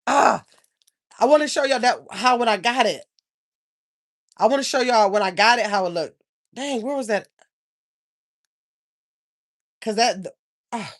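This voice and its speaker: A woman's voice: fairly high pitch, normal speed, pauses often. An older woman chats casually on a livestream. She rambles, stops to search for things, and calls her viewers y'all. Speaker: channel host.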